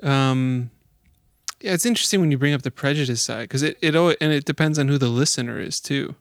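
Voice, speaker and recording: Relaxed, affirming male co-host. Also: mid-range voice, fairly quick, creaky, no room sound, studio quality. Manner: relaxed storyteller, affirming often. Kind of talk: casual chat.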